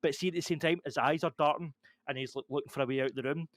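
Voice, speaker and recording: A young man, co-hosting a podcast and telling stories in casual, animated chat. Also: fairly high pitch, fast talker, no echo. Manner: animated storytelling, laughs often. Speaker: podcast co-host.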